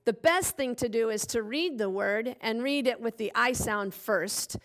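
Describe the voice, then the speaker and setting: A woman teacher giving a playful phonics lesson for young children, stretching out words and talking in an exaggerated, animated way. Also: on the high side, measured pace.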